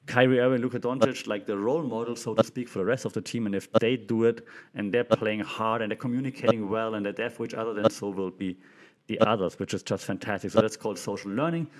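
A young man hosting a casual commentary show, talking with enthusiasm and acting out quotes in a livelier voice. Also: lowish voice. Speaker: podcast host.

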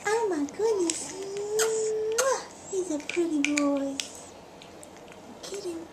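A woman's voice: extremely high pitch, very slow. A woman cooing baby talk to her infant at home in a sing-song way, filmed on a home video camera. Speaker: baby's mother. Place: home, indoors. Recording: home video with background noise.

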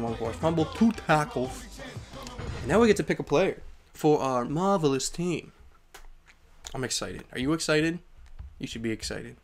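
Young man, gaming commentary, game music underneath, mutters then shouts at the screen. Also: medium pitch. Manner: swings from mumbling to yelling at the game. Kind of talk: let's play commentary. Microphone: headset or desk microphone.

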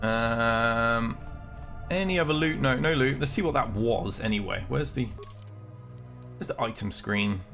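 A man's voice: medium pitch, a little slow, creaky, long pauses, a bit bright, faint music behind. A man chatting through a live game stream, jittery from coffee, joking and reading game lines aloud. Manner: chatty, jokey, reads game dialogue aloud. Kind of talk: live gameplay commentary.

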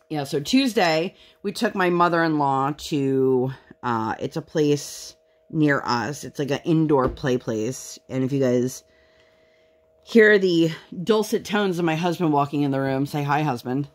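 A woman's voice: extremely low pitch, a little slow. A woman in her thirties chatting casually at home while she works on a craft project, telling candid stories and now and then putting on voices when she quotes people. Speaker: craft vlogger.

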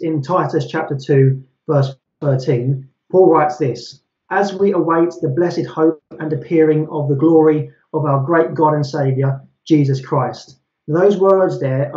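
A man's voice: fairly high pitch, dark tone. A man debating, methodically citing scripture verse by verse to make his case. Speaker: Christian debater. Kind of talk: street debate argument. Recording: echoey, dull lo-fi sound.

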